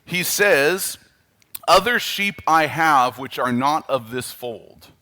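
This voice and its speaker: A Canadian-accented pastor delivers his sermon slowly, his voice on the high side. He is animated and emphatic, though at times he lowers into quiet, earnest asides.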